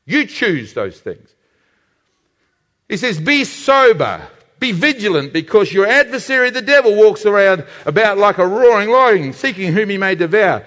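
A high-voiced man preaching with a bright, sharp edge and a lively, swooping delivery. He hammers home points with emphatic, slowed phrases. His voice carries a long reverb, as if from a large hall. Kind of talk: sermon.

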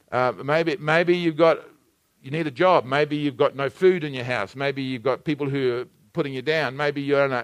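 A man preaching a sermon, swinging between loud exhortation and hushed, intimate asides. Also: a little high, no room sound.

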